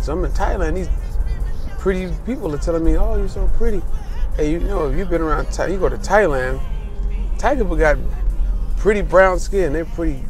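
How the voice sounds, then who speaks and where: A young American man casually telling a personal story as a travel vlogger, candid and animated, acting out the voices of people he quotes. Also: on the high side. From United States.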